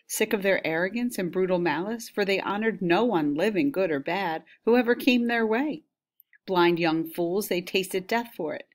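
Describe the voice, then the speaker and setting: A woman voicing a doubtful, careful queen, read aloud in a measured way. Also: mid-range voice, natural voice.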